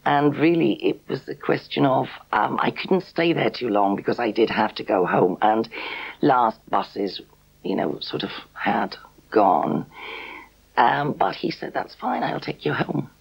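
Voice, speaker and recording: A woman from England in a documentary interview, telling a personal memory in a gentle, measured way. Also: very deep voice, expressive, gravelly, breathy edge, rough recording. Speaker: interviewee recalling a past meeting. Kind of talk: reminiscing interview.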